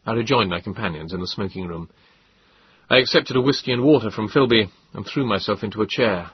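A man narrating an audiobook in a husky voice, measured and reflective. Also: on the low side. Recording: dull lo-fi dry audiobook.

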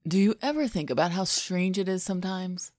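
Woman doing a soft teasing guy in a fanfic audiobook, dry close mic. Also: on the low side, expressive, a little fast, no room sound, lightly acted. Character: teasing, fond adult man, a sly charmer. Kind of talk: podfic reading of fan fiction.

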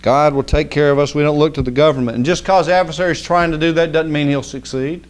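A man's voice: fairly high pitch, fairly even intonation, fast talker. A man preaching in a folksy, conversational way, rising to emphatic outbursts. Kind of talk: sermon.

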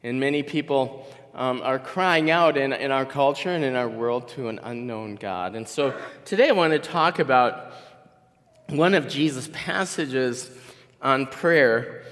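A man in his sixties, serving as a guest pastor, delivers a conversational sermon, rambling through stories with frequent restarts. His mid-range voice is unhurried and fairly bright, and the recording has long hall reverb.

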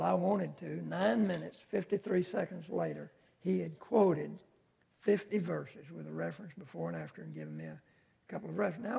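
A man's voice: on the high side, vocal fry, darkish tone, slightly rough. An older man teaching a Sunday school class in a folksy, conversational way, with homespun asides. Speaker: Bible teacher.

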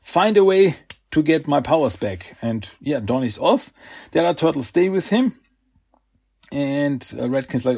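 A man's voice: fairly high pitch, sing-song, moderate pace, darkish tone, slightly rough. A man hosting a podcast, recapping a comic book in a casual, rambling way. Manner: rambling with many uhs and restarts. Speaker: podcast host.

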